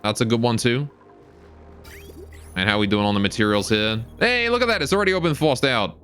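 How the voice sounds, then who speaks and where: A man's voice: mid-range voice, lively intonation, fairly quick, fairly bright tone, clear, resonant tone, faint music behind. A man from Britain whose accent has turned mostly Canadian, chatting casually and rambling on a live game stream while answering viewer questions. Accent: British, now mostly Canadian.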